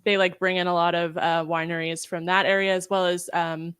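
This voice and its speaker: A woman's voice: lowish voice, little pitch movement, brisk, a bit bright, clean tone, dry recording, studio quality. A woman podcast guest chatting casually, rambling with many "like"s and "um"s. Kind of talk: casual chat.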